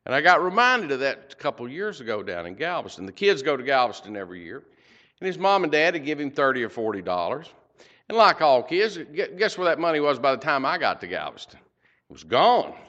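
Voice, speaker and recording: A man's voice: fairly high pitch, sing-song, a little fast, sharp tone, muffled recording. Folksy older man teaching scripture. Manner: folksy storytelling, asks rhetorical questions. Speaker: Bible teacher. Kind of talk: verse-by-verse Bible teaching.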